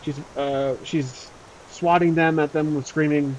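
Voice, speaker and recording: A man's voice: fairly high pitch, steady tone, a little slow, a little mellow, dull audio, slight background noise. A man narrating his solo tabletop role-playing game in a casual, rambling way with many fillers.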